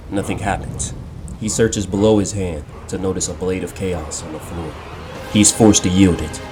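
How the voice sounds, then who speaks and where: A man narrating a fan-made game story in a steady, descriptive storytelling manner. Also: low-pitched. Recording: loud music under the voice.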